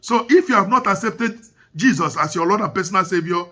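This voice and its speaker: A man delivers a church sermon in a very high, sharp voice with a husky edge. He is emphatic and repeats his key points for the congregation to absorb. His voice carries brightly through the church. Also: expressive, brisk. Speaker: preacher.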